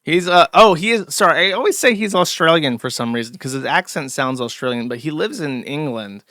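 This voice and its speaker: A man with a bright, crisp voice delivers sarcastic commentary on a live stream. He rambles with fillers and drops in short laughs. The sound is dry and close to the mic. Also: a little high, lively intonation, brisk, dry recording. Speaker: streamer host. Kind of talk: casual ranting commentary.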